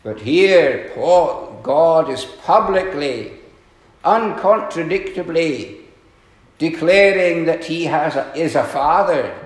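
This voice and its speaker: A male preacher delivers his sermon at a slow, measured pace, leaning into pointed questions and then sinking to a hushed tone. His voice rings through a roomy, echoing church hall. He clears his throat now and then between phrases. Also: animated. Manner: earnest preaching, rising to emphatic questions and dropping low; frequent throat clearing and filler pauses.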